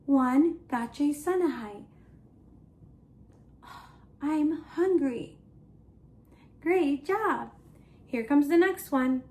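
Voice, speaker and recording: High-voiced lady teaching little kids, slow and playful, acts out every feeling. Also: expressive, darkish tone. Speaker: children's language teacher. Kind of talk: toddler language lesson.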